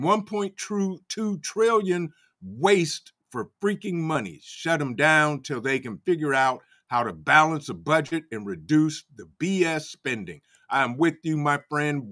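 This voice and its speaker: A man's voice: fairly high pitch, lively intonation, measured pace, hardly any pauses, fairly bright tone. A man hosting a casual livestream, fired up and greeting chat viewers by name. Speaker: livestream host. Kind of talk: casual live-chat commentary.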